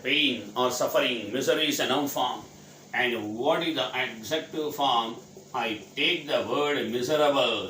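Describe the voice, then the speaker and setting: A man's voice: medium pitch, pushed and bright. A man from India teaching English vocabulary, spelling each word letter by letter and answering his own questions. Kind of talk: spelling out and explaining words. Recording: echoey room, faint noise.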